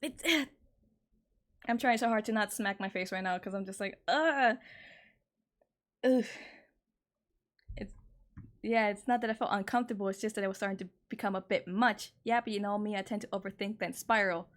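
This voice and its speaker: On a stream from her home, a woman in her twenties speaks fairly quickly with fairly even intonation while relating a personal story. She's openly exasperated and swears freely, though her pitch jumps when she turns indignant.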